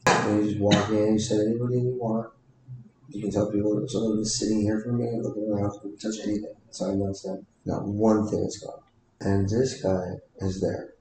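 Low gravelly dude rambling on and on, dark voice, super echoey room. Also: male voice, little pitch movement, fairly quick, slight background noise. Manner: rambling, filler-heavy, restarts. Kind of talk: casual conversation.

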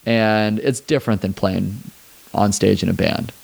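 Gravelly low-voiced man telling stories. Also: a little slow. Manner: relaxed, rambling, peppered with "like" and swearing. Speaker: guest, drummer and hairstylist. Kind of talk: casual interview storytelling.

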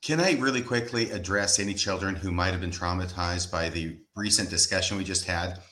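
A low-pitched man hosts a relaxed podcast chat. His voice sounds forceful and bright, and it rings in a roomy space. He talks with a dry, joking edge. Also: a little fast, hardly any pauses. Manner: wry, joking asides. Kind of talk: casual podcast discussion.

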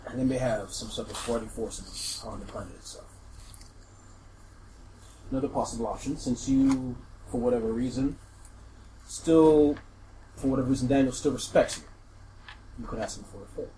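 A man running a tabletop role-playing game, explaining the situation in a relaxed, halting way and laughing often. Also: mid-range voice, a little hiss or hum, rough recording. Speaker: game master.

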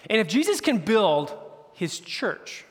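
A man's voice: high-pitched, sing-song, takes it slowly. A man preaching as a campus pastor, retelling scripture in casual slang and briefly voicing the characters. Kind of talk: casual conversational sermon. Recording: hall reverb.

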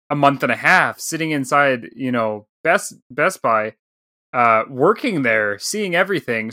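Guy in his 30s chatting on a podcast, bright crisp voice, dry close sound, tells stories and plays out the back-and-forth. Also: mid-range voice, no echo. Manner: animated storyteller, acts out quoted dialogue. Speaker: podcast co-host. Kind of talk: casual chat, storytelling.

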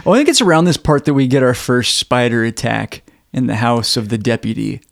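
A man's voice: medium pitch, brisk, gravelly, no room sound, clean studio sound. A man co-hosting a podcast, recapping a movie in easygoing chat and acting out lines with a laugh. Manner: easygoing, laughs a lot, acts out lines from the film. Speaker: podcast co-host.

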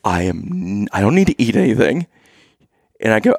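Lively gravelly-voiced man telling a story. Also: lowish voice, moderate pace, no echo, studio quality. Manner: animated, playful, teasing. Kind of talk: casual storytelling to camera.

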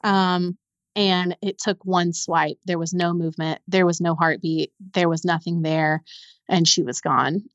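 Young woman, lowish voice, halting grief story, dry muffled podcast sound. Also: fairly even intonation, no echo. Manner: halting, repeats words when upset. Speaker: podcast guest. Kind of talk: emotional personal storytelling.

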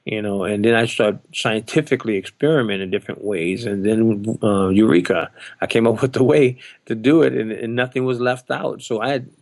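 Older guy, drummer, telling a story on a podcast, gravelly voice, does everybody's voices, dry sound. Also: on the low side, normal speed, no echo. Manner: animated, acts out other people's lines in his story. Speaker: drummer telling of his audition.

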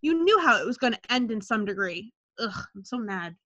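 A woman co-hosting a casual TV show discussion, talking in an animated, ranting way with lots of "like". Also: on the high side, fairly quick, lo-fi sound.

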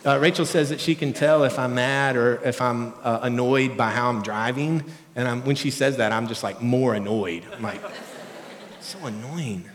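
A middle-aged male pastor delivers a sermon in a casual, conversational way, putting questions to his congregation. His voice sits at a medium pitch and moves at a moderate pace with hardly any pauses. There's slight background noise and the long reverb of a large hall.

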